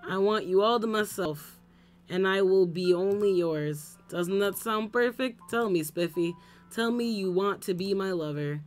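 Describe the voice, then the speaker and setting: A woman voicing an obsessive, lovesick young woman from a game, reading her confession in a slow, hushed, intense way. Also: medium pitch, soft background music, natural voice.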